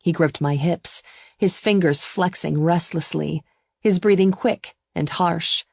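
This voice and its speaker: Low-voiced woman narrating a romance. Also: slow, gravelly, a little mellow, breathy edge, dry recording, studio quality. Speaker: audiobook narrator. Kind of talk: first-person romance narration.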